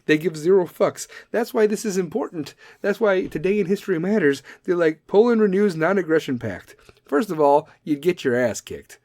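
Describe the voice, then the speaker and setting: Profane sarcastic podcast host, dry sound. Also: male voice, on the high side, darkish tone, no echo. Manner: profane, sarcastic riffing on history facts. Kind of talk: casual comedic commentary.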